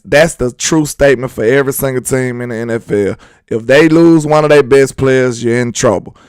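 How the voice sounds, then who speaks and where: Young man, fired-up sports host, slangy hype talk, smooth clear voice, dry close sound. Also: mid-range voice, dry recording. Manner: hyped, slangy, preaching confidence to fans.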